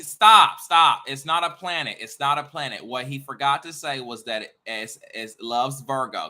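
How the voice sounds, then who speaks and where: A man's voice: on the low side, sharp tone. A man who teaches astrology and tarot, rambling in a casual monologue, repeating himself, jumping between ideas and muttering swears.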